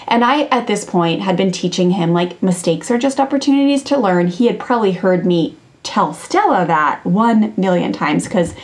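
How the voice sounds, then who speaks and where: A woman's voice: lowish voice, a little mellow. A woman in her thirties, a podcast host and parenting coach, telling a personal story in a chatty way, with many fillers and restarts. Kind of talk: casual storytelling monologue.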